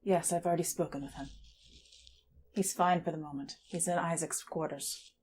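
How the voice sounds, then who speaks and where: A woman's voice: deep voice, steady tone, moderate pace, a little mellow, a little hiss or hum. A woman playing a character in a tabletop game, speaking in a composed, dry manner. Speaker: player. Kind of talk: tabletop role-play.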